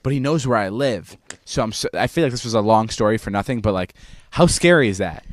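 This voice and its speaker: With a lowish, animated voice at a fairly quick pace, a young podcast co-host tells a rambling story in casual chat. He repeats words and swears freely.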